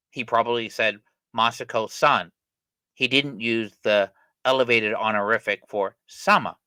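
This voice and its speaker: Reading through an article, a middle-aged channel host talks about it casually in a mid-range, sharp voice, rambling on with frequent fillers and correcting himself often. There's no room sound, and the audio quality is poor.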